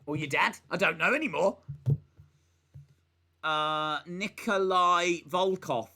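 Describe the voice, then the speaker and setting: A man's voice: high-pitched, slow pace, bright, forceful tone. A young man hosting a live stream, reading viewer comments aloud in a playful, mock-baffled, joking way.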